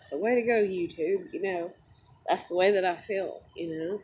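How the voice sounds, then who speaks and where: A woman's voice: fairly low pitch, normal speed, darkish tone, a little hiss or hum. A young woman who just woke up, tired and close to tears, rambling in an upset, swearing vlog rant full of fillers. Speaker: vlogger.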